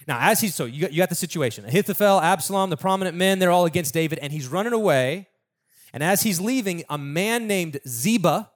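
A man preaching a sermon in a casual, conversational storytelling way, acting out the people in the story. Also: a little high.

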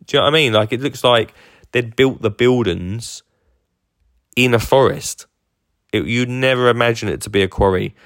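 A man's voice: medium pitch, moderate pace, pauses often, a bit bright, dry recording, studio quality. A man hosting his own podcast, chatting enthusiastically and rambling with lots of fillers and restarts. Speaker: podcast host and garden entertainer. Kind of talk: casual podcast monologue.

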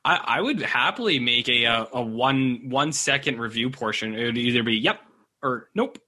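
A man's voice: medium pitch, moderate pace, pushed and bright. A man co-hosting a podcast in casual chat, joking and playful. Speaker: podcast co-host.

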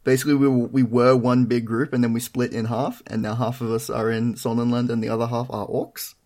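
A young man on a casual podcast, dry and self-mocking. His voice sits at an ordinary middle pitch, and he tells his stories with an easy, even delivery. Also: fairly quick. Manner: dry, self-deprecating storytelling. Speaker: podcast co-host. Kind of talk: casual chat.

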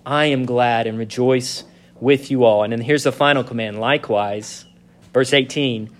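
A male pastor preaching a sermon, reading scripture slowly and leaning on key words. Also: medium pitch.

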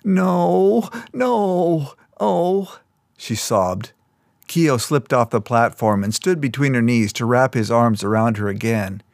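A man reading scripted fiction aloud in a measured, even storytelling manner. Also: mid-range voice, no echo, clean studio sound. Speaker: audiobook narrator.

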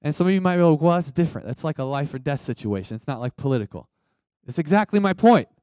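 A young man delivers a sermon in an easy, conversational way that keeps turning emphatic, calling out for the room to answer back. His voice sits a little high for a man. The sound is dry and close, with little room around it. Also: expressive, fast, warm tone, no room sound. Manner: conversational, emphatic, calls for audience response. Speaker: pastor.

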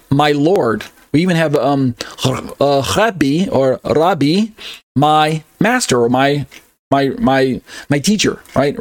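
A man's voice: fairly high pitch, dry recording. A man teaching an online Bible study, carefully sounding out and spelling Greek and Hebrew words, often correcting himself as he goes. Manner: thinks aloud, with frequent self-corrections and fillers. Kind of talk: online Bible study lecture over on-screen slides.

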